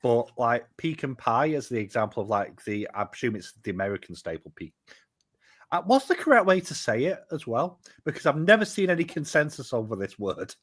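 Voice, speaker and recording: A man's voice: mid-range voice, very animated, brisk, fairly bright tone. A man chatting as a guest, wry and joking, rambling a little. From United Kingdom. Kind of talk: casual chat.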